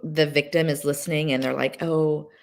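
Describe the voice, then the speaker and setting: Woman, low voice, podcast guest, emotional testimony, lots of fillers. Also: level tone, normal speed, vocal fry, a little mellow. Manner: emotional, restarts often, many fillers. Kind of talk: candid personal testimony.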